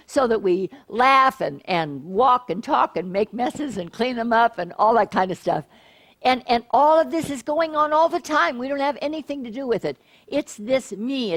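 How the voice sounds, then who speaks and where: A middle-aged woman minister giving a sermon, playful and animated, often asking the congregation questions. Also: fairly high pitch.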